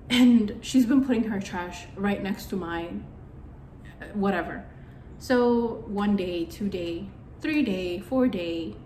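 A woman's voice: medium pitch, darkish tone. A young woman telling a personal story in a candid, rambling way, with plenty of fillers. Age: young adult. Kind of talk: casual storytime monologue. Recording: echoey room with faint background noise.

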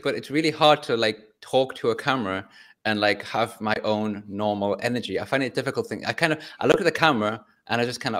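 A man's voice: medium pitch, fairly bright tone. A man hosting a casual podcast interview, often repeating words as he talks. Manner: quick, stammers with repeated words. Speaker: podcast host.

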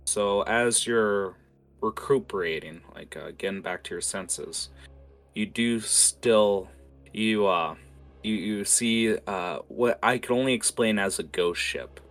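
A man narrates as game master, pausing often on fillers. His voice sits low but rings bright. Faint music plays underneath. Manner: loose, filler-heavy narration.

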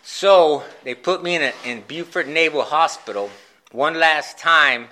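Candid man with a bright, forceful voice. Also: a little high. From Phoenix, Arizona, USA. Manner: candid and self-mocking, halting restarts and acted-out quotes. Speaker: speaker sharing a recovery story. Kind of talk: personal storytelling talk at a recovery meeting.

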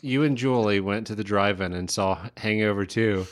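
A man with a somewhat low voice trades casual banter on a comedy podcast. He drops in short, dry, teasing remarks. His delivery stays relaxed and unhurried. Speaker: podcast co-host.

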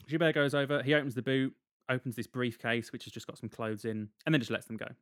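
A man's voice: medium pitch, fast, fairly bright tone, dry recording. A man, casually retelling a film's plot on a podcast with dry humor and frequent laughs. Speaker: podcast co-host recapping a film. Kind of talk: casual chat.

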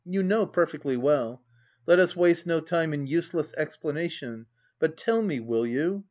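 A man reading the part of a wronged young wife, speaking in a cold, measured, dignified way. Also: a little high, expressive, darkish tone, highs cut off, close to an everyday voice.

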